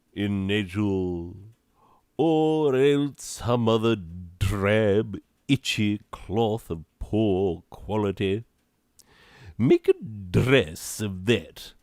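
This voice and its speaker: A man's voice: lowish voice, a little mellow, no echo, studio quality, exaggerated voice. A man voicing a snooty, prudish old-fashioned lady who lectures about proper manners in a haughty, affected accent. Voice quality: haughty, affected upper-class lilt. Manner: scolding and prudish, lecturing the listener. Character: snooty prim old-fashioned lady giving etiquette tips.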